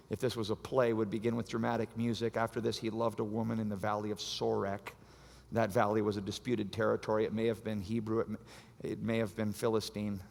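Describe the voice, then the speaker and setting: A man preaching a sermon as pastor, animated and acting out the voices of the story. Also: lowish voice, quick pace, vocal fry. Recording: long hall reverb.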